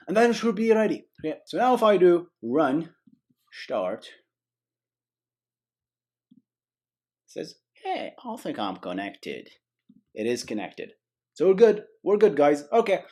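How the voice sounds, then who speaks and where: A young man hosting a casual programming tutorial, chatty and joking, with frequent okays and rights. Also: fairly high pitch. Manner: chatty, animated, often adds okay and right, jokes. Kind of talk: casual screen-recorded coding tutorial.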